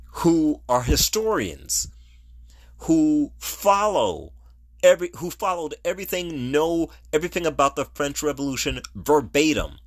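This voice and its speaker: A middle-aged man hosting a podcast, giving casual solo movie commentary in an animated, ranting way and laughing at his own jokes. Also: fairly high pitch. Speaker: podcast host.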